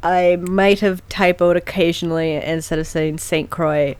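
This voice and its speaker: A woman's voice: fairly low pitch, fairly even intonation, a little slow, a little mellow, clean tone, no echo. A woman co-hosting a podcast, chatting casually and telling a story, laughing often and swearing freely. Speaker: podcast co-host.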